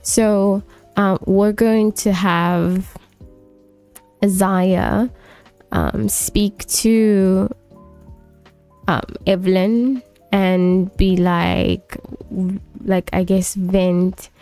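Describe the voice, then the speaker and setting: A woman's voice: mid-range voice, fairly even intonation, very slow, long pauses, mellow, smooth, soft background music. A woman giving casual, chatty commentary on a life-sim game story, full of fillers. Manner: chatty, filler-heavy, laughs often. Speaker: let's play host.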